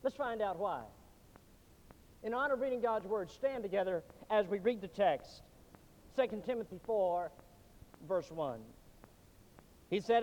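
A man preaching a sermon as pastor, dramatic and swinging from loud to hushed. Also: sits high, lively intonation, a little slow, long pauses. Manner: dramatic preaching with sweeping shifts in volume. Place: church sanctuary. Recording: dull lo-fi sound in a reverberant hall.

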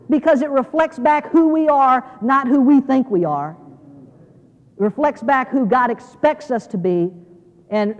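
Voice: sits high, highs cut off. A guest preacher delivering a sermon to seminary students, folksy and emphatic, restarting phrases and driving home key lines by repeating them. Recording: long reverb of a large hall.

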